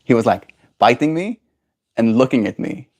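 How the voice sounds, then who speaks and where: A young man chatting casually on a home livestream, his voice rising and falling freely. He drops into high sing-song baby talk when he coaxes his pet bird. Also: animated, normal speed, a little mellow. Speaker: daily livestreamer. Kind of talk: casual chat. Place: home, indoors.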